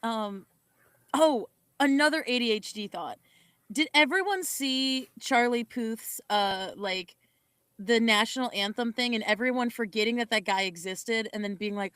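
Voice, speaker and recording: A woman's voice: fairly high pitch, normal speed, fairly bright tone, clean tone, no room sound. A young woman co-hosting a podcast, chatting casually in a rambling, giggly way and correcting herself often. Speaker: podcast co-host. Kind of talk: casual chat.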